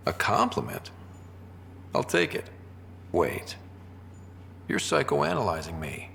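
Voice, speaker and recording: Gravelly, lively male starship captain for a video game, heard with long reverb. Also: lowish voice, takes it slowly, a little hiss or hum, exaggerated voice. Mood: easygoing.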